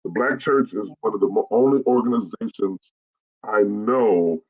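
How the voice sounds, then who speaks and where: Man, middle-aged bishop, blunt straight talk, husky voice, low pitch, dull lo-fi stream audio. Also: normal speed. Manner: blunt, repetitive, drives points home by repeating them. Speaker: bishop and pastor. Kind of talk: live-streamed straight-talk message to pastors.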